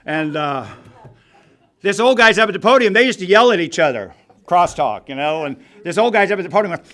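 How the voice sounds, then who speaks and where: A man's voice: high-pitched, lively intonation, brisk, fairly bright tone. Blunt wry middle-aged man telling his story. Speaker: recovery meeting speaker. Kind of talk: personal recovery story told to a group. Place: meeting room.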